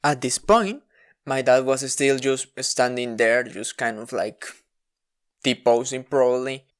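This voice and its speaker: A woman with a notably low voice tells a personal story to camera. She speaks candidly and wryly, pokes fun at herself, and often restarts mid-sentence. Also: slow. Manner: candid, wry, self-deprecating, with frequent restarts. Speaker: vlogger.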